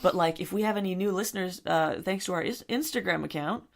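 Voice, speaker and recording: A woman's voice: on the low side, fast talker, creaky. A woman co-hosting a podcast in casual, rambling chat, loose and giggly as she talks. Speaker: podcast co-host.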